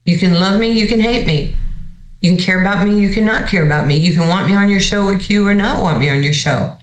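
Coach guest telling a story, lively, stumbles and repeats words, middling pitch, roomy echo. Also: fairly quick. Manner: animated, repeats words, acts out quoted dialogue. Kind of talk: storytelling in conversation.

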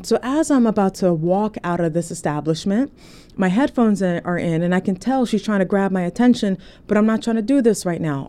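A woman telling a casual story to her phone, chatty and animated, often checking in with "okay?". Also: medium pitch. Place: indoors, recording on a phone.

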